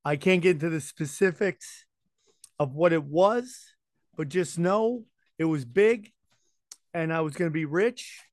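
A man's voice: on the high side, unhurried, long pauses, dry recording, studio quality. A man co-hosting a podcast in casual, wisecracking chat. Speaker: podcast co-host.

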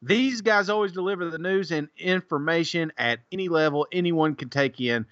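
A man's voice: fairly high pitch, moderate pace, fairly bright tone, no echo, highs cut off. A man co-hosting a casual podcast, joking, laughing often and reading listener reviews aloud. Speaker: podcast co-host.

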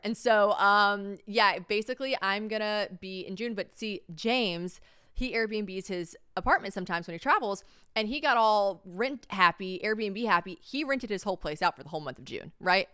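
Young woman podcast host, rambling storyteller, smooth and close-miked. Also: medium pitch, moderate pace, pushed and bright, dry recording. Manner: rambling storytelling, acts out quoted voices. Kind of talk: casual chat.

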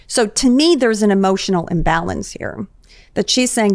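Woman therapist on a podcast, mid pitch, dry close sound, explains stuff calmly. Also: a little slow, no echo. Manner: explanatory, analytical. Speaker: therapist guest. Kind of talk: podcast conversation.

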